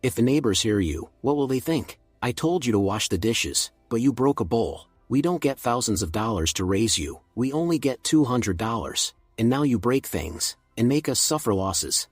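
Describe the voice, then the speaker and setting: A man's voice: mid-range voice, sing-song, moderate pace, few pauses, husky, no room sound, soft background music. A man voicing a cruel middle-aged aunt with a harsh, scolding manner.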